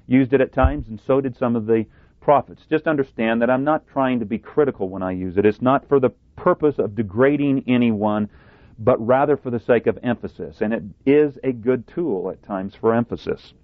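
Guy preaching a sermon, slow and emphatic, bit sarcastic, tinny phone-like sound. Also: medium pitch, no echo. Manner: deliberate, emphatic, sometimes sarcastic.

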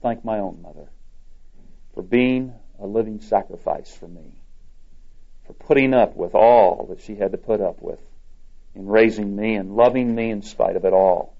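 A man preaching a sermon in an earnest, measured way. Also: on the low side, gravelly. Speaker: pastor. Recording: dull lo-fi recording.

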